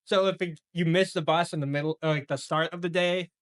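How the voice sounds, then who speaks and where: Podcast dude rambling laid-back, voice a bit on the high side. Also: male voice, steady tone, brisk, clear, resonant tone. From Wisconsin. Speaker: podcast co-host. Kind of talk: casual chat.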